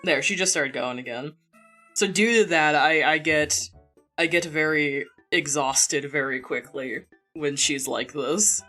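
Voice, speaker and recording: Young woman streamer rambling on, low voice, laughs a lot, soft music behind. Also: unhurried. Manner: chatty, rambling, laughs often, self-interrupting. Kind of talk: casual live-stream chat. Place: home room. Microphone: borrowed desk mic. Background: faint background music.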